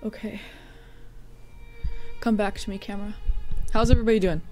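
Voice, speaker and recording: A woman's voice: mid-range voice, steady tone, normal speed, darkish tone, soft background music. A woman streaming a game live, chatting casually with viewers, greeting them by name and teasing them with frequent laughs. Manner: playful teasing. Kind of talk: casual live-stream chat while gaming.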